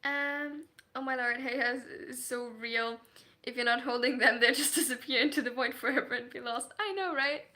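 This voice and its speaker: A woman with a high, sharply bright voice chats casually with her livestream audience. She talks in an animated way, breaks into quick laughs, and restarts her sentences as she reacts to her viewers. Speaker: livestreaming story writer.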